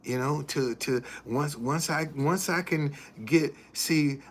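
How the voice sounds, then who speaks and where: Slow, earnest man streaming live. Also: a little high, slight background noise. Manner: earnest, repeats himself, thanks viewers as he talks; shows items to the camera while talking. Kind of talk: casual live-stream talk.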